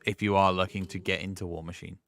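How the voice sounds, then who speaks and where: A man's voice: sits low, little pitch movement, quick pace, gravelly, fairly bright tone. A man with a mixed English accent commentating a tabletop tournament, chatty and self-deprecating. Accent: English, northern mix. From England. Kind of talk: casual game commentary.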